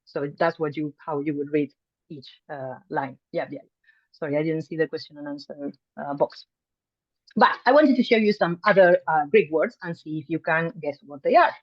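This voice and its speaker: A woman's voice: deep voice, normal speed, slightly rough, dry recording. A woman teaching an online language class in a friendly, chatty way, full of ums and restarts. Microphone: video call mic. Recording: dull, dry video call audio.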